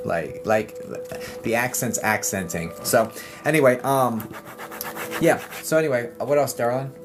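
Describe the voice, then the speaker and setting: A man's voice: medium pitch, unhurried. Chatty man streaming over music. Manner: rambling, chatty, with frequent fillers and laughs. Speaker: psychic medium. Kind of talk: casual livestream chat. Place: home livestream setup. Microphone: streaming mic. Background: soft background music.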